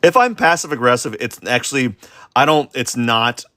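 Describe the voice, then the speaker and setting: A man's voice: medium pitch, expressive, normal speed, sharp tone, dry recording. A man chatting casually during a live drawing stream, rambling and self-deprecating, with lots of fillers and false starts. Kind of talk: casual rambling chat while sketching.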